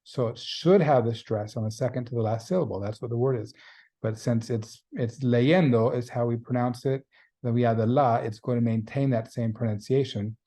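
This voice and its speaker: Patient male Spanish teacher, mellow tone. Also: medium pitch, a little fast. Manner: patient, explanatory, repeats key points. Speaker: Spanish instructor. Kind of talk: recorded lecture.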